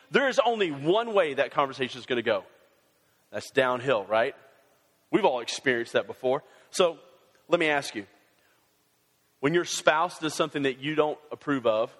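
Male pastor, high voice, animated sermon delivery with sarcastic asides, long hall reverb. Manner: animated, mixes sarcasm and humor with scripture reading.

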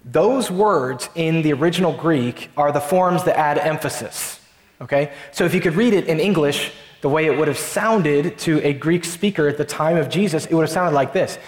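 A pastor preaching a sermon to his congregation, emphatic and slowing down to stress key lines. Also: fairly high pitch, reverberant, long reverb tail.

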